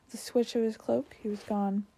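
A woman's voice: on the high side, little pitch movement, moderate pace, vocal fry, dark tone. A woman reading a storybook aloud, sometimes tripping over words and correcting herself.

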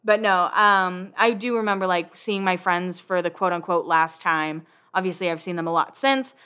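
Young woman, bright clear voice, casual recap chatter, swears a lot, chatty. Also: lowish voice, normal speed. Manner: chatty, swears freely, quotes people in animated voices. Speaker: podcast host recapping a reality show.

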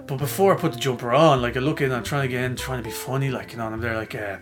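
A man's voice: mid-range voice, very fast, over music. A man, co-hosting a podcast and telling a self-mocking story in casual chat, acting out the voices of the people in it. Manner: animated, self-mocking, acts out quoted voices. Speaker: podcast co-host.

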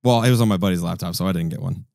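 Man, co-host, rapid talker, dry close mic, wisecracking. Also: deep voice, vocal fry, darkish tone, no echo. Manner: quick, wisecracking. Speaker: podcast co-host. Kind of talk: casual podcast chat.

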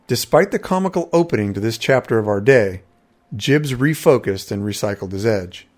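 A man's voice: on the low side, expressive, moderate pace, a little mellow. A man narrating a first-person fantasy story in a conversational tone, with wry asides.

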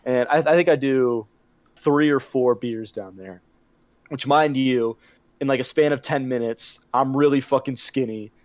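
A man's voice: medium pitch, measured pace, no room sound. Young man, podcast co-host, casual storytelling, heavy swearing, dull dry recording. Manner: swears a lot, rambling anecdotes.

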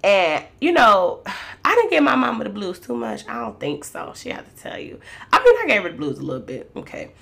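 Chatty woman with a gravelly voice. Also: medium pitch, huge pitch swings, a little fast, fairly bright tone. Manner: chatty and candid, addresses listeners as "y'all". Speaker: mother sharing reflections. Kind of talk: casual faith-based talk.

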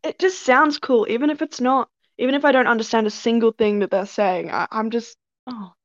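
Higher-voiced woman, giggly casual chat. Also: brisk, no echo. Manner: chatty and giggly, trailing off with "I don't know". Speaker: podcast guest. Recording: dull, dry recording.

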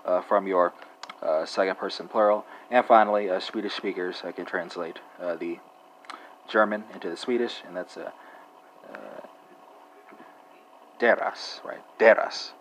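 A man with a very low voice walks listeners through a language lesson, stopping often on "uh" and tacking "right?" onto his points. A faint hum of room noise sits under him. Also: fairly even intonation, low-quality recording. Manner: halting, many "uh" fillers, keeps asking "right?". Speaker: language podcast host. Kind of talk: unscripted language lesson monologue.

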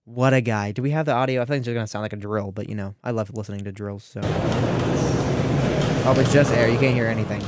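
A teenage man from Ohio hosting a radio show, delivering an animated, sarcastic political commentary with frequent restarts. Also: on the low side, fast talker. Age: teens.

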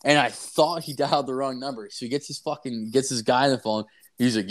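Man, podcast co-host, profane, rambling anecdotes, casual chat, mid-pitched voice. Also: quick pace.

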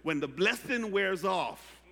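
A man pastor preaching a sermon, calling out to the congregation for responses and building from quiet teaching to loud preaching. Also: sits high, expressive, slow. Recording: echoey hall.

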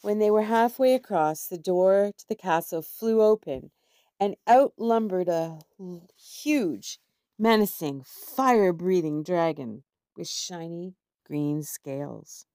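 Woman storyteller, unhurried, lower voice, dry close sound. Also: no room sound. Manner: measured, expressive reading. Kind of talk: scripted storybook narration.

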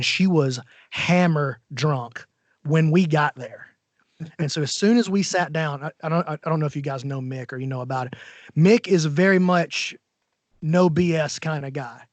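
Animated Southern American storyteller man. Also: on the high side, no echo. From Alabama, USA. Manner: animated storyteller, laughs often. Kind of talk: casual conversation.

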